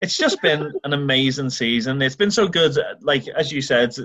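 A man's voice: medium pitch, moderate pace, no echo. An Irish man co-hosting a podcast, chatting casually and enthusiastically about football. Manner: enthusiastic, animated storytelling with acted-out quotes. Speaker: podcast co-host.

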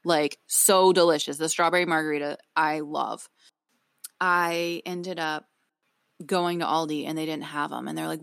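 A woman's voice: sits low, steady tone, moderate pace, gravelly, a bit bright, no room sound, studio quality. A young woman co-hosting a podcast, chatting casually and rambling, often interrupting herself mid-sentence. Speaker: podcast co-host. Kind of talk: casual chat.

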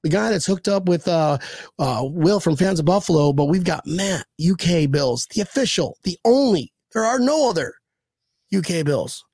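A man hosting a casual sports podcast, excitable and rambling. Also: high-pitched, normal speed, husky, no room sound. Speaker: podcast host.

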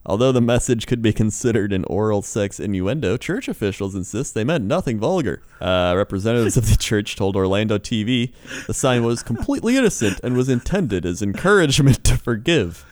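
Man, low voice, dry close sound, casual comedic news reading, laughs a lot. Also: expressive, fairly quick, few pauses, a little mellow, dry recording. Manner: reads headlines aloud, laughs often. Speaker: co-host reading news stories.

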